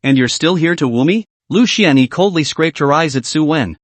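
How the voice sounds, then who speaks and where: A man's voice: on the high side, very animated, moderate pace, no echo. A man narrating a comic story recap, reading every part in much the same voice.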